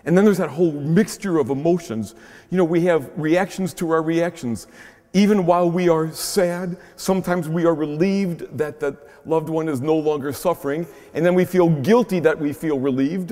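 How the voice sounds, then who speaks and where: Preaching in a large church shrine with a long, reverberant echo, a Midwestern American pastor speaks at a moderate pace. His voice sits on the high side and sounds warm, and his conversational points often close with a questioning "huh?"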